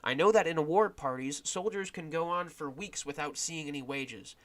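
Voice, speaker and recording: A man voicing an older female camp follower in a game, a blunt and shrewd woman, speaking in a slow, drawn-out storytelling manner. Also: a little high, lightly acted. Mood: gruff, worldly.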